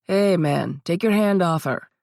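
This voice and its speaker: A woman playing a gruff, cursing biker. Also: high-pitched, animated, measured pace, a little mellow, no echo, studio quality, exaggerated voice. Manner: blunt, swearing, gruff. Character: tough protective male biker.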